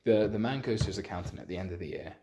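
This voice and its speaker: A man teaching a Torah lesson with a story, halting often and restarting his sentences. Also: low voice, warm tone. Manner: halting, many restarts, acts out quotes. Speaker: religious teacher.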